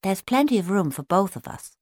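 A woman's voice: mid-range voice, sing-song, fairly quick, darkish tone, dry recording, pitched above the performer's own voice. Pat, a woman doing a tiny curious girl otter, always asking questions, up and down storybook voice, dry close sound. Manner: full of questions. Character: small young female sea otter, curious.

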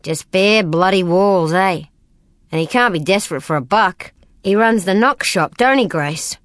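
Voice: medium pitch, a little slow, fairly bright tone, no echo, clean studio sound, natural voice. A woman reading an audiobook voices a brash street kid who talks in a slangy, raised voice. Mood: cocky.

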